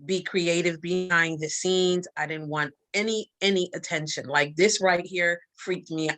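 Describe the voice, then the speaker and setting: A woman's voice: on the low side, fairly even intonation, unhurried, fairly bright tone. A woman with a Barbadian accent talking on a live interview as a guest, speaking emphatically and repeating her key lines like a preacher. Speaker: guest, magazine publisher and coach.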